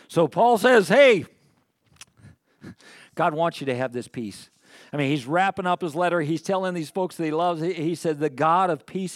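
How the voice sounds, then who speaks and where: A male pastor giving a sermon in a church, talking in a plain conversational way with many restarts. He gets loud and high when he stresses a point and goes quiet when he reflects. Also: dry recording, studio quality. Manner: earnest, conversational preaching with frequent restarts. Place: church sanctuary.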